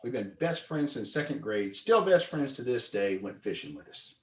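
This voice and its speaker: A man telling a fishing story as a club speech, animated, acting out his friends' voices with loud high yells. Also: normal speed, reverberant. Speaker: club speaker. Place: meeting room.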